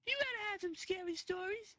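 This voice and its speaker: A woman chatting casually and excitedly chiming in on a story. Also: very high voice, a little fast, no echo, muffled recording. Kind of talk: casual chat.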